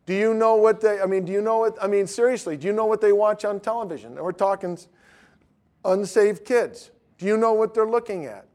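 Animated man in his fifties teaching. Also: sits high, brisk. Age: 50s. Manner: animated storytelling, rising to emphatic questions. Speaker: evangelism teacher. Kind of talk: classroom teaching talk.

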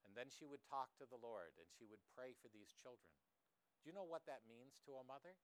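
A man's voice: medium pitch, expressive, fairly quick, smooth. A man preaching a sermon in an earnest way, often turning points into questions to his listeners. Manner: earnest, with rhetorical tag questions.

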